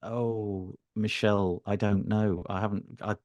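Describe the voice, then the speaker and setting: A man's voice: on the low side, little pitch movement, unhurried, darkish tone, no echo, lo-fi sound. A middle-aged man chatting as a podcast guest, self-deprecating and hesitant, with many fillers. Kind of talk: casual interview chat.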